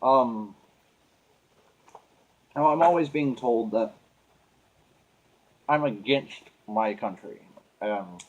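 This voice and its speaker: A man's voice: medium pitch, lo-fi sound. Rambling, earnest man venting. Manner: rambling and earnest, with halting restarts. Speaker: vlogger. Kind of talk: casual venting monologue.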